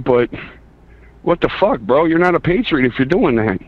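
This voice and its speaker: A man's voice: a little high, big pitch swings, normal speed. A man from Chicago calling into a radio show and arguing back in a casual, blunt, slangy way. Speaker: caller. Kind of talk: argumentative call-in. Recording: tinny phone line.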